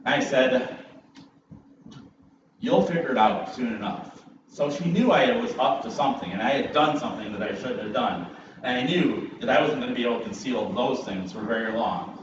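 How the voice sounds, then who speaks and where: A man, a guest preacher, opening a sermon with an animated, self-mocking personal story. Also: medium pitch, moderate pace, noisy background. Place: church sanctuary. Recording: distant, muffled, echoey church hall with ambience.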